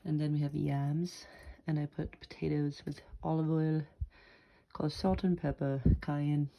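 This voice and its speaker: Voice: medium pitch, flat delivery, a little slow, creaky. A vlogger chatting casually to camera in a home kitchen, playful and rambling, full of quirky wordplay. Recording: loud background noise.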